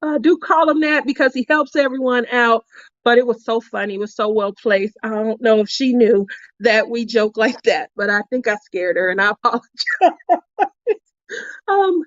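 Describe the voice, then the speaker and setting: A woman's voice: a little high, normal speed, no echo. A woman hosting a craft channel in casual chat, talking freely and laughing often. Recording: dull, dry lo-fi recording.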